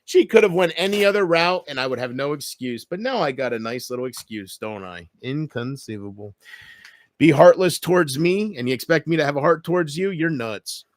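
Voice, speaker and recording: A man vlogging a bitter, taunting rant straight to camera, swinging from loud outbursts to low mutters. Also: expressive, a little fast, no echo. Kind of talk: ranting monologue to camera.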